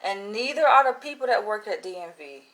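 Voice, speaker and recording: A woman vlogger telling a casual story in an animated, exasperated way, peppered with slangy "yo". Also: mid-range voice, a little fast, rough recording.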